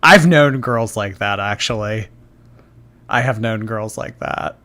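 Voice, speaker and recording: A man's voice: lowish voice, slow pace, pushed and bright. A man hosting a livestream, reacting with amusement and thanking viewers for their messages. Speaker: streamer host.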